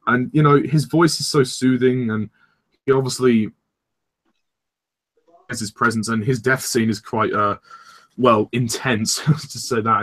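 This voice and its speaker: A man's voice: mid-range voice, bright, forceful tone. A young man chatting casually as co-host of a film discussion, rambling and enthusiastic, with frank swearing.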